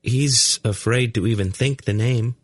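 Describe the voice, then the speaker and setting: A man voicing a calm, uncanny young boy who reads minds, in an audiobook. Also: medium pitch, measured pace, no echo, studio quality, pitched above the performer's own voice, lightly acted. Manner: calm, matter-of-fact explaining. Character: uncanny mind-reading blond boy, calm. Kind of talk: audiobook character voice.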